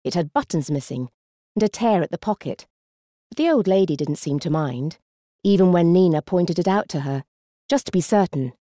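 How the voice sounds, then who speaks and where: A woman narrating an audiobook in an even, measured way. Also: on the low side, no room sound, studio quality.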